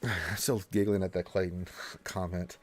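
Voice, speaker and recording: Excitable man hosting a gaming livestream. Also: sits low, measured pace. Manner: excitable, chatty, talks to himself while playing. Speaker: livestream host. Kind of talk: casual livestream chat while gaming.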